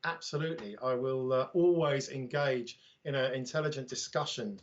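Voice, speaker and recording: A man's voice: mid-range voice, moderate pace, muffled recording. A man with a British accent chatting casually as a livestream guest, telling self-deprecating anecdotes about his drone channel.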